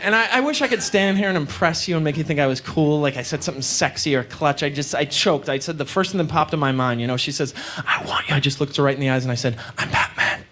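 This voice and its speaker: A man performing a stand-up comedy set in a club, telling self-deprecating stories with deadpan asides. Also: a little high, fast talker, few pauses. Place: comedy club stage with live audience. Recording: live club recording, loud crowd and noise.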